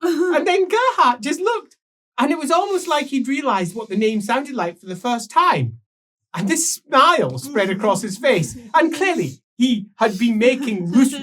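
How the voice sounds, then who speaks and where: A husky man narrates an improvised tabletop role-play in character, rambling and giggling through fillers and restarts. His voice leaps up and down in pitch as he tells the tale. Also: a bit bright. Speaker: player telling his character's story.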